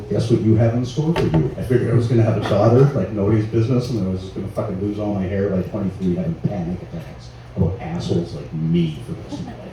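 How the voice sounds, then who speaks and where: A man's voice: medium pitch, mellow, slight background noise. A man in his thirties from Canada doing a profane, rambling, self-mocking stand-up comedy set at a small live venue. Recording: echoey room, distant mic, faint ambience.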